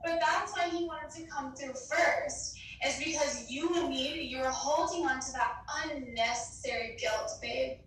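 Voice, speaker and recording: Woman psychic medium, high pitch, chatty and affectionate, echoey line with faint background noise. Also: unhurried, few pauses, a bit bright, far from the mic. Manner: chatty, affectionate, fills with "like", calls listener babe. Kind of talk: casual spoken reading.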